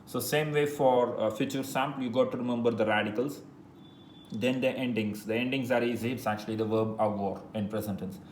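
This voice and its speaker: A man teaching a French lesson in English, patiently repeating phrases slowly and spelling words letter by letter. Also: mid-range voice, steady tone. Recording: echoey room with faint noise.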